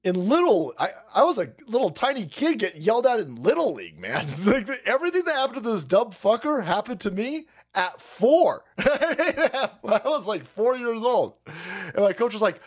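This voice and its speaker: A man's voice: high-pitched, big pitch swings, moderate pace, few pauses. A man hosting a livestream, ranting in a crude, mocking way and often laughing. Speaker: streamer host.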